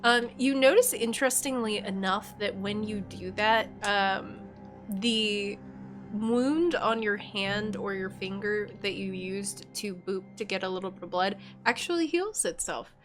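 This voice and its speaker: A woman's voice: mid-range voice, unhurried, soft background music. A woman narrating a tabletop game as dungeon master, giggly and loose, with plenty of fillers.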